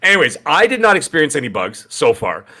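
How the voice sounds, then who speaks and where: A man with a bright, sharp voice pitched a little high chats on a gaming podcast. He tells stories with energy and acts out his own reactions as he goes. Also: sing-song, quick pace. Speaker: podcast co-host. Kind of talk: casual gaming podcast chat.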